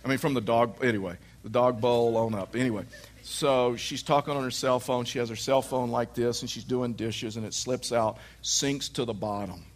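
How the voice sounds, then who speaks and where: A man preaching a sermon, telling a lively personal story and acting out his wife's lines. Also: mid-range voice, normal speed.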